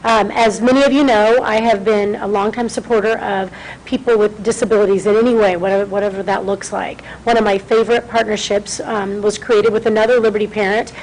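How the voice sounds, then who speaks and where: A woman's voice: medium pitch, fairly even intonation, fairly quick, a little mellow, poor audio. A middle-aged woman with a mid-range voice speaks at a podium in a board meeting room. She is chatty and self-deprecating, thanking the board at length. A faint hum of room noise sits behind her. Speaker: city councilwoman, guest speaker. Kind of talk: public address at a school board meeting.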